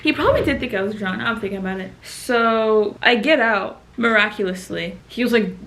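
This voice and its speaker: A woman's voice: fairly high pitch, brisk, a bit bright, a little hiss or hum. A young woman telling embarrassing stories to camera in a rambling way, swearing often, laughing through them and sounding sleepy. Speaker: vlogger. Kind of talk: casual storytelling to camera.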